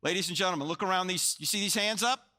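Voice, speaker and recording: Fast-talking, with a high, sharp voice, a New Jersey apologetics speaker in his sixties addresses a live audience. His Christian talk mixes jokes and stories with questions for the crowd.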